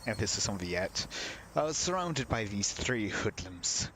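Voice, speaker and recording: A man's voice: on the low side, sing-song, normal speed, fairly bright tone, a little hiss or hum, rough recording. A man reading a visual novel's narration aloud during a let's play, breaking off into wry, casual comments. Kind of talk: reading game text aloud with casual asides.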